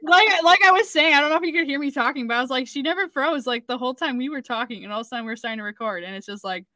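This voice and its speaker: A woman from Wisconsin co-hosting a radio show, chatting and joking quickly with frequent laughs. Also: high-pitched, bright, forceful tone, no echo. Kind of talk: casual chat.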